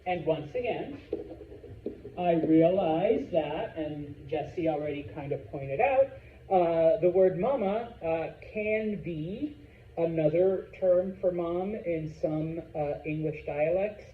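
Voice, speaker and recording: A man's voice: on the high side, takes it slowly. A middle-aged man teaching a Spanish class, chatty and joking, checking in with "okay?" after most points. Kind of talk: classroom lecture. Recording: tinny, echoey classroom recording with faint hiss.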